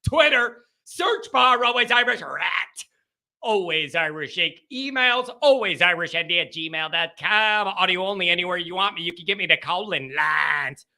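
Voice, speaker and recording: High, gravelly, excitable male host. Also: moderate pace. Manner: animated, joking, rambling. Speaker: podcast host. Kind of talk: casual call-in show monologue.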